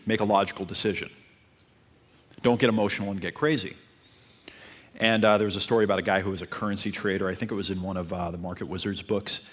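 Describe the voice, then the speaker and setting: A man giving dating advice in a calm coaching talk, repeating his points. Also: fairly low pitch.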